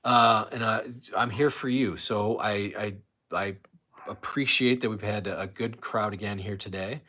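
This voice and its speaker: A man's voice: lowish voice, fairly even intonation, measured pace, sharp tone. A man hosting a casual live stream, rambling, restarting his sentences and reading viewer comments aloud.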